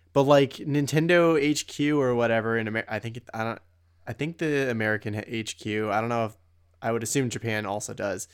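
A man's voice: medium pitch, clean tone. A man co-hosting a podcast in casual chat. He trails off and hedges as he talks things through. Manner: reacts with short quips, rambles with hedges. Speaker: podcast co-host.

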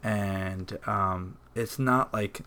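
A man working as a high school campus minister, chatting on a podcast in a halting way with many fillers. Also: bright, forceful tone. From New York area. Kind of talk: casual podcast chat.

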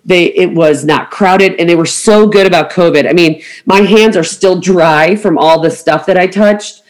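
A woman's voice: lowish voice, moderate pace. Casting: middle-aged woman, podcast host, chatty storyteller who acts out every quote. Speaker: podcast host, travel agent. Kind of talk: casual chat.

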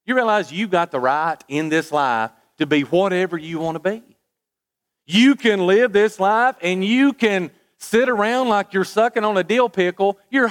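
A man preaching a sermon, asking rhetorical questions with folksy asides and stammered restarts. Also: high-pitched.

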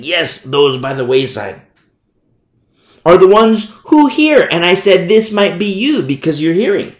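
A man preaching a sermon, emphatic and repetitive, swinging between loud and soft passages. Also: a little high. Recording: roomy echo.

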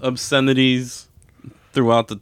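A man sitting in as a guest on a podcast, answering in short, low-key, deadpan replies in casual chat. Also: measured pace, smooth, no echo.

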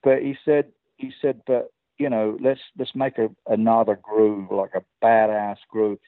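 An older man with an English accent, a guest telling lively anecdotes and acting out the dialogue of the people in them. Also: fairly low pitch, unhurried, dry recording, narrow, tinny audio. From England. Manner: lively storyteller who acts out quoted dialogue with many restarts. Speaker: guest, record producer and guitarist.

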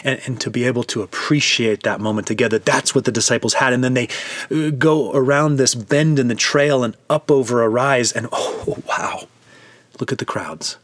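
Brief: male preacher, immersive devotional storyteller, mid pitch, dry close sound. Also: fairly quick, no room sound.

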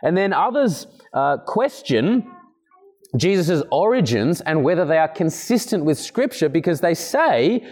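A man preaching an expository sermon, earnest and emphatic, occasionally clearing his throat between points. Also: very animated, a little slow, a little mellow. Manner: earnest, emphatic, acts out quoted speakers with raised pitch.

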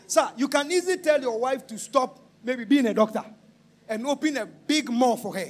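A man preaching a sermon, shouting and half-singing, then dropping to a low confiding tone. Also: moderate pace.

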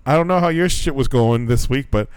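A man co-hosting a casual podcast chat, an animated storyteller who jumps way up in pitch when acting out quotes. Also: brisk, smooth, no echo. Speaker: podcast co-host; English teacher at junior high schools.

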